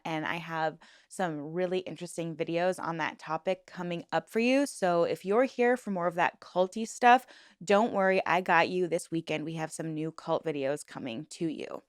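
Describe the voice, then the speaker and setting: A woman's voice: fairly low pitch, clear, resonant tone, no room sound, clean studio sound. A woman hosting a true crime video, narrating the case in a chatty way with opinionated asides.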